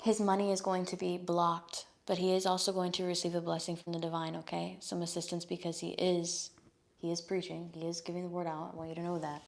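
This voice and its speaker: A woman's voice: lowish voice, flat delivery, brisk, vocal fry. A young woman giving a casual live-stream tarot reading, chatty and frank, often swearing and checking in with "okay?". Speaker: tarot reader.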